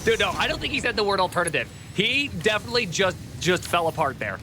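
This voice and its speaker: A man casually reacting to a video during a live stream, rambling and excitable, laughing often and restarting sentences. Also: high voice, quick pace, noisy background.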